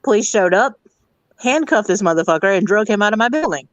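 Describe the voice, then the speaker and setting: A woman's voice: mid-range voice, a little fast, dry recording. A woman who works as a hotel district manager, telling a blunt, profane story about a rude guest in a casual rant. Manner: blunt, profane, animated retelling.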